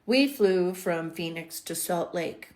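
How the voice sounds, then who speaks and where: A middle-aged woman tells a personal spiritual story in a vlog, her voice sitting a little low. She is emotional and expressive, sinking into hushed whispers and then lifting into bright, excited bursts. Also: slow pace.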